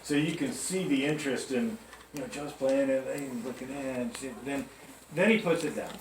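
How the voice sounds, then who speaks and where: Against a noisy background, a man with a medium-pitched voice speaks at a moderate pace to new staff in a big music store. His storytelling pep talk is chatty, and he checks in with the group often. The echoey store is captured from a distance.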